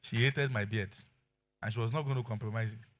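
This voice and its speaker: Lively, bright-voiced Nigerian pastor. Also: male voice, lowish voice, a little fast. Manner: animated storytelling with acted quotes and laughter. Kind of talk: sermon.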